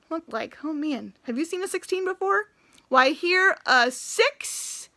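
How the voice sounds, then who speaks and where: A woman's voice: sits high, lively intonation, moderate pace, pushed and bright. A woman teaching a recorded preschool lesson, talking to small children in an enthusiastic, sing-song way.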